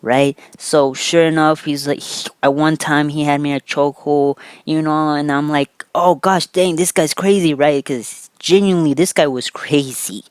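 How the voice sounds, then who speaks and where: A man's voice: fairly high pitch, steady tone, a little slow, clear, resonant tone, dry recording. A young man telling a rambling, casual story on a vlog, loose and profane, tacking "right?" onto nearly every phrase. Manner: loose and profane, with fillers and restarts. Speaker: vlogger.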